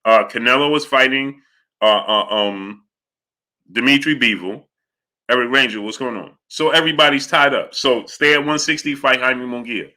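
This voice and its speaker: A man talks boxing on a live stream and keeps greeting chat viewers by name between his points. His voice is very bright and forceful, sitting at an ordinary pitch. He keeps checking in with his audience as he argues. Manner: rapid shout-outs to chat viewers, repeats "you understand what I'm saying". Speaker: boxing talk show host. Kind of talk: live-stream commentary reading super chats.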